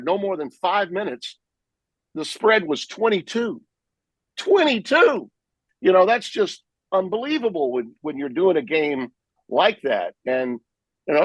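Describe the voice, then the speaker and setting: A man in a podcast interview, spinning animated stories from the broadcast booth in a fairly high voice. The sound is dry and close, with no room around it. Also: dry recording, rough recording. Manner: animated, vivid storyteller who acts out his own play calls. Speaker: sportscaster guest.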